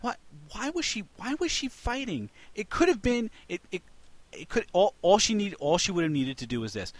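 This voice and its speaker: A man hosting a casual podcast, telling an animated story with lots of restarts. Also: sits high, normal speed. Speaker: podcast host.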